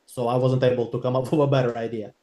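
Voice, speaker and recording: A hesitant male sales trainee who thinks out loud in a mellow, medium-pitched voice. He sounds like he is in an echoey room, a little distant from a dry, clean sound. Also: level tone, fast talker.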